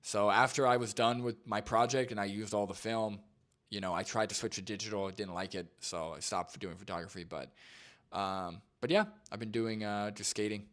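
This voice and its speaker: A man's voice: on the low side, fairly even intonation, moderate pace, fairly bright tone. A young man hosting a live stream, reacting to a video and answering chat in a laid-back, rambling way full of fillers. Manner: laid-back, filler-heavy, says "like" and "dude" a lot.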